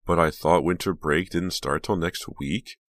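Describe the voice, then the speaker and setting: A man's voice: sits low, fairly even intonation, a little slow, no room sound. A man voicing a teasing teenage girl in an audiobook, giving dry, wry retorts. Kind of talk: audiobook character voice.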